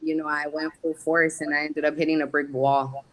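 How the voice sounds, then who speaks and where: A woman guest in an interview, telling her life story frankly with streetwise slang and halting pauses. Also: low-pitched, little pitch movement, poor audio. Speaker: guest, casting company founder. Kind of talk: candid personal storytelling in interview.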